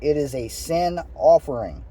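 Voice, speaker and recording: Dark husky man reading scripture. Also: on the high side, expressive, a little slow. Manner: reads aloud with stumbles and asides. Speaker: Bible reader. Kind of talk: casual scripture reading with commentary.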